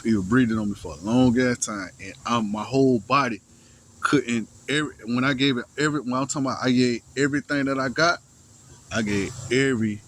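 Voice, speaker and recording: A young man telling a personal story in casual first person, halting and slangy, full of restarts, sighs and profanity. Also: medium pitch, slight background noise, low-quality recording.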